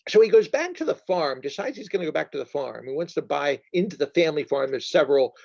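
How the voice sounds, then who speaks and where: A man's voice: fairly high pitch, lively intonation, fast talker, creaky, darkish tone, no room sound. A man speaks in a slightly raised register, chatty and digressive, stopping to fix his own phrasing as he goes. The recording is dry and somewhat muffled, with little room sound. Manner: chatty, digressive, frequent self-corrections. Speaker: bookseller giving a talk. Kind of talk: informal lecture. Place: church.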